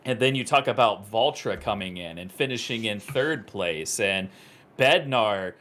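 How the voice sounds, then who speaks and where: Male esports commentator, live play-by-play, excitable, climbs high at big moments. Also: a little slow.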